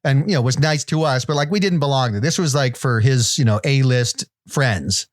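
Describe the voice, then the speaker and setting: A man's voice: medium pitch, normal speed, no room sound, clean studio sound. A man in his fifties co-hosting a podcast, telling rambling, self-deprecating anecdotes full of restarts. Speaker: podcast co-host. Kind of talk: casual chat, storytelling.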